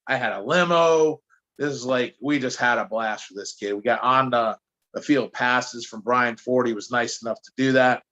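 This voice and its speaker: Lo-fi sound carries a mid-range male voice at a moderate pace. He's a chatty New Jersey storyteller, a podcast guest and anti-drug speaker, animated and prone to stumbling restarts.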